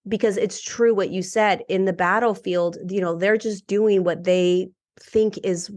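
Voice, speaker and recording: A woman's voice: medium pitch, steady tone, measured pace, darkish tone. A middle-aged woman guesting on a podcast, talking in an earnest, reflective way and often restarting her sentences. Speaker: podcast guest, ascension teacher. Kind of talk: casual conversational interview.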